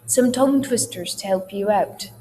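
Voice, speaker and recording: A woman's voice: mid-range voice, normal speed, mellow. A woman theatre teacher giving a recorded dialect lesson, explaining sounds in a patient, reassuring way. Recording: long hall reverb, faint hum.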